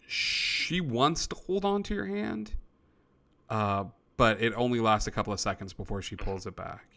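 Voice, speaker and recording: A man's voice: fairly low pitch, expressive, moderate pace, creaky, pushed and bright. A man running a tabletop role-playing game as game master, narrating loosely with many uh and um fillers. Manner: loose, filler-heavy, frequent uh and um.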